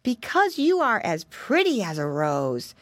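Brief: eager cheerful little piglet boy, put on by a woman reader, high and lively, dry sound. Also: a little slow, no echo. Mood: friendly. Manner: bright eager calls.

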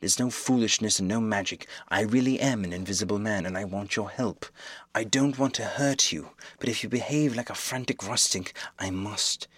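A man voicing a desperate, curt invisible man who speaks in low, clipped threats and commands. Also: moderate pace, a bit bright, breathy edge, dry recording. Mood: menacing.

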